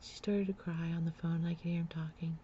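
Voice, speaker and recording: A woman telling a personal story on a vlog in a halting way, with many fillers and restarts, sometimes close to tears. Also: lowish voice, little pitch movement, warm tone, husky, dull audio. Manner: emotional, close to tears at times. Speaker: vlogger.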